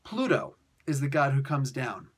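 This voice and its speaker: Chatty husky-voiced man reviewing comics. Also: medium pitch, moderate pace. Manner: animated, chatty, jokey asides. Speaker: comic book reviewer host. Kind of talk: casual comic review talk.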